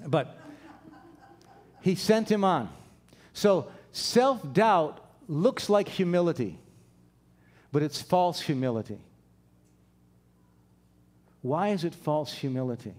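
A man's voice: high voice, expressive, unhurried, long pauses, a little mellow. A man preaching a conversational sermon, acting out the quoted dialogue as he goes. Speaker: pastor.

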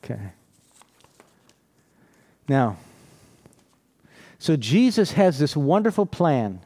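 Conversational preacher, higher-pitched man. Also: big pitch swings, slow, mellow. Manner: conversational storytelling, frequent rhetorical questions, laughs often. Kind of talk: sermon.

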